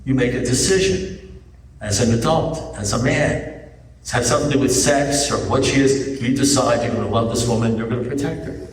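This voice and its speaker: An older man speaking at a recovery meeting, telling animated stories and acting out the dialogue. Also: mid-range voice, a little fast. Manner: animated storyteller, acts out dialogue, rises to near-yelling. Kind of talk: recovery meeting talk, storytelling. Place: large meeting hall. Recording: echoey hall, distant mic, faint noise.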